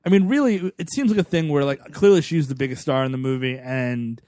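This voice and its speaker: A man's voice: mid-range voice, a little fast, a little mellow, no echo. Male co-host, rambly, filler-heavy, cussing, dry sound. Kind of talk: casual movie chat.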